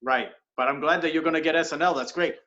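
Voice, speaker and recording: Bright-voiced man doing deadpan improv. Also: a little high, fast. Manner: earnest and absurd, playing a cop. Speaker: improv performer. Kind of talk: improvised comedy scene. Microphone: video call. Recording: dull lo-fi video call audio.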